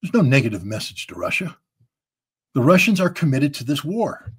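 A man's voice: fairly high pitch, big pitch swings, normal speed, husky. A man from the United States giving emphatic, blunt political commentary as a guest.

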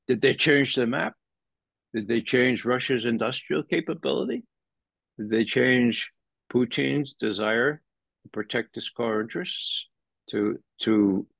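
A man commenting as a guest in an interview, animated and sardonic, rising sharply in pitch when he stresses a point. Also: gravelly, no room sound. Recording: dull lo-fi dry sound.

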